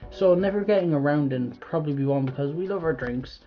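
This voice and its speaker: A man's voice: a little high, brisk, lo-fi sound, faint music behind. A young Irish man chatting casually through a quiz, rambling and swearing freely as he trails off mid-thought. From Ireland. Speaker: vlogger doing a quiz. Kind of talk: casual chat.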